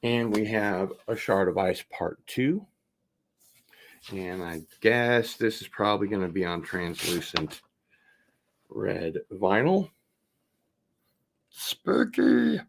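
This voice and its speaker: A man hosting a casual unboxing video, chatting in a relaxed, rambling way and getting excited about vinyl records. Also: low voice, slow pace. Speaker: host.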